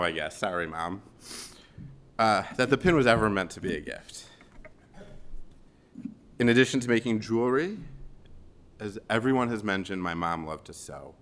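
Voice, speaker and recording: Guy from chicago, 40s, low-ish voice, telling funny warm stories at a funeral. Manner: gently humorous storytelling. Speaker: son giving a eulogy. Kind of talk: funeral eulogy. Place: funeral service.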